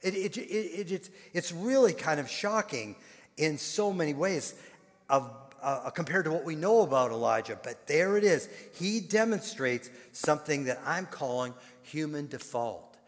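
An older man preaching a sermon in an animated storytelling manner, repeating words and breaking into sudden loud bursts. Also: fairly high pitch, moderate pace, big-room sound. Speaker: pastor.

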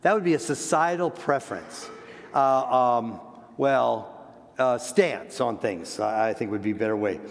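A man's voice: mid-range voice, gravelly. Older man preaching in an echoey hall. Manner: earnest, repeats words, slows down for emphasis. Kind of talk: sermon. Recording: long echoey hall reverb.

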